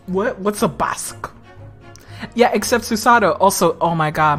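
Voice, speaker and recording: Woman streamer, unhurried delivery, blunt, swears a lot, faint game music behind. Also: mid-range voice, expressive. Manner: blunt, swears a lot, laughs often, chatty asides. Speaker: let's play streamer. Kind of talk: casual gameplay commentary.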